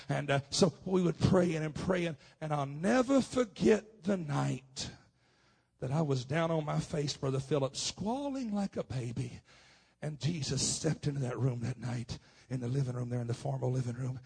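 Gravelly, husky preacher man. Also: mid-range voice, moderate pace. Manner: impassioned, swings from hushed to loud. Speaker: pastor. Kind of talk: preaching a personal testimony. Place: conference hall.

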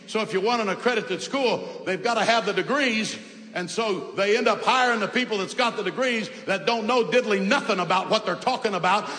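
Man, fiery sermon, high bright voice, long hall echo. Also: a little hiss or hum. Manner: emphatic, repetitive, swings from shouting to soft asides. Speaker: preacher. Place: large hall with congregation. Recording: echoey hall, faint ambience.

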